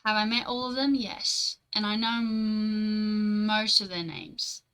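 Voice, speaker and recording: A young woman streamer chats loosely with her viewers, answering their messages as she goes. Her voice is bright and forward, sitting at a middle pitch. She rambles casually, drops the odd swear word and laughs easily. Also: fairly even intonation, slow, clear, resonant tone, poor audio. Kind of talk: casual live-stream chat, reading and answering chat.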